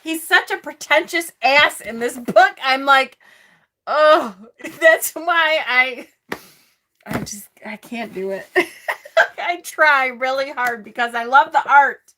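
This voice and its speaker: A woman's voice: sits high, slow pace, bright, forceful tone, a little hiss or hum. A woman hosting a casual tarot live stream, chatty and snarky, laughing often. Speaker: tarot channel host.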